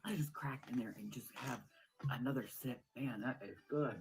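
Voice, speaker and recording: In this low-quality home recording, a woman with a rumbling low voice delivers a comedic monologue at a moderate pace. She's wildly excited, veering between quiet whispers and loud outbursts.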